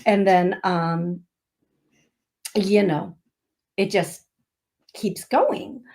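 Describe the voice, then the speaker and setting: A woman's voice: medium pitch, steady tone, extremely slow, a little mellow. A woman hosting a radio show as a psychic medium, telling stories in a chatty, laughing way. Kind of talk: casual chat. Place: radio studio.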